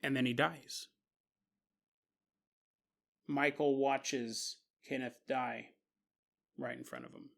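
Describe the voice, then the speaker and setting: A man hosting a podcast, telling a spooky story in an animated, conversational, jokey way. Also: medium pitch, slow, gravelly, pauses often. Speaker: podcast host. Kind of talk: storytelling narration.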